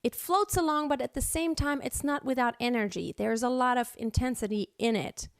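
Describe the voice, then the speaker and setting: A woman's voice: fairly high pitch, moderate pace, no room sound, clean studio sound. A woman teaching singing, explaining technique and breaking into short sung examples. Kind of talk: vocal lesson with sung demonstrations.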